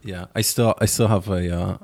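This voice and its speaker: A man's voice: low voice, fairly even intonation, normal speed, creaky, darkish tone, dry recording. A man co-hosting a casual podcast chat, with a phlegmy throat and dry, joking asides. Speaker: podcast co-host.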